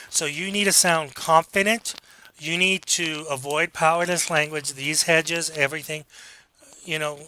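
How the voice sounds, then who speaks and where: A man's voice: on the high side, bright, forceful tone, slight background noise. A man teaching a speech class in a direct, coaching manner, with rhetorical questions. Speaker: college speech instructor. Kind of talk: recorded class lecture.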